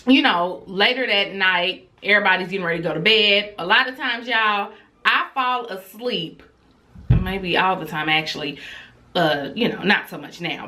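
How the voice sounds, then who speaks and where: A woman in her thirties telling a family story in a casual, chatty vlog style, talking straight to her viewers. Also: medium pitch. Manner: chatty and animated, addresses viewers as y'all; acts out quoted dialogue, dropping to a whisper for her child.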